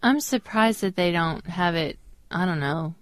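A woman's voice: on the low side, unhurried, no echo, clean studio sound. A woman co-hosting a podcast, chatting expressively and teasing her co-host. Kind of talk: casual chat.

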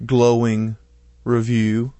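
A man's voice: medium pitch, monotone, drawn-out words, dark tone, dry recording. A man co-hosting a podcast, reading listener feedback in casual chat and joking often. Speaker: podcast co-host.

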